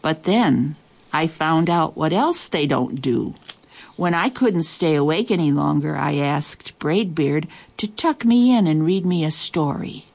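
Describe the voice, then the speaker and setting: A woman reading a children's story aloud in a lively, expressive way. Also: sits low, a little slow, gravelly. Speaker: storybook reader.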